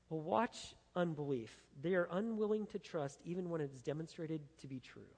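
A man's voice: high voice, lively intonation, moderate pace, big-room sound. A man preaching an expository sermon in an emphatic, dramatic way. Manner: emphatic, dramatic, acts out the quotes. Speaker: pastor.

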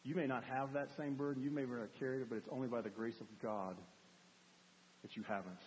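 A man preaching a sermon as a pastor, animated, acting out cries for help to make his point. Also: medium pitch, fairly quick, a little hiss or hum. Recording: long hall reverb.

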